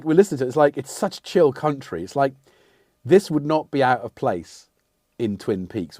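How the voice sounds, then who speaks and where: A man's voice: fairly low pitch, dark tone, no room sound, clean studio sound. A middle-aged English man hosting a casual livestream, rambling and self-mocking as he answers the chat. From England. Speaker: livestream host.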